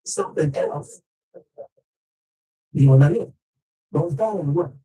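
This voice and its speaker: A man's voice: on the high side, lively intonation, measured pace, long pauses, warm tone, low-quality recording. A man telling a rambling story in casual talk, in loose, slangy street speech with frequent swearing.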